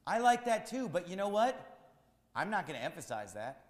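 A man preaching a sermon as pastor, repeating his points with rising, shouted emphasis. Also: high voice, lively intonation, a little fast, reverberant, in a large hall.

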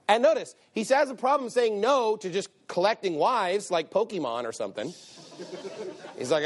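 A pastor delivering a sermon in a somewhat high male voice. He hammers his points with emphatic repetition and reads old-style scripture aloud between them. His pitch climbs as he presses a point. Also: animated, moderate pace. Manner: emphatic, repeats phrases for stress; reads scripture aloud in King James wording.

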